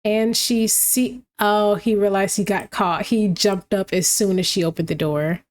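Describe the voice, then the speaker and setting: A woman's voice: medium pitch, steady tone, measured pace. Chatty woman narrating her life-sim game. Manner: chatty, reacts aloud, talks to the game characters. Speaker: gameplay commentator. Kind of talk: casual game commentary.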